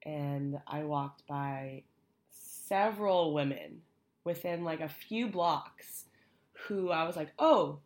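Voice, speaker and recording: Low-voiced woman telling a story. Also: takes it slowly. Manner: storytelling, animated asides. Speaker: podcast co-host. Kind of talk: casual chat.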